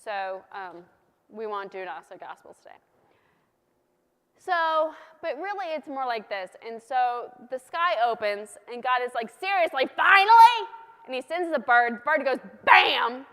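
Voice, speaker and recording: A woman's voice: on the high side, animated, a little slow, a bit bright, smooth. A woman preaching a sermon in a conversational, playful way, hammering key points through repetition. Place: church. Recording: long church reverb.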